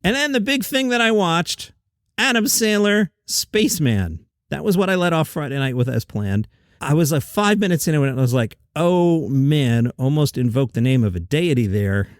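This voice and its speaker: A man's voice: on the high side, very animated, moderate pace, no room sound, clean studio sound. A man hosting a comedy news podcast, chatty and opinionated, reading listener comments aloud.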